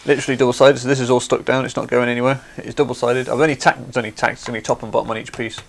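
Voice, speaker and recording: A man's voice: medium pitch, level tone, rapid-fire, creaky. A man hosting a craft livestream, chatty and explaining things step by step. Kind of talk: casual demonstration.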